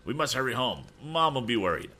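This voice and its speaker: A man voicing a nervous young man who talks in a hurried, brusque way. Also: deep voice, very animated, bright, forceful tone, exaggerated voice. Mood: hasty.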